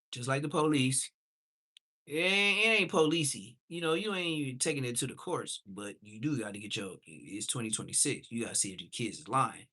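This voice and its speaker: A man ranting casually and comically to his viewers, rambling and animated. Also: medium pitch. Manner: rambling, animated, slips into quoted voices. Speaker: comedic vlogger.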